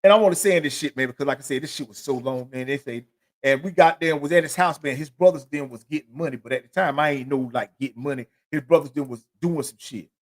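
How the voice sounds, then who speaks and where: Middle-aged male podcast host, profane and rambling storyteller, sits a little high in pitch. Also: quick pace. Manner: rambling, profane, constant filler phrases. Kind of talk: solo storytelling monologue.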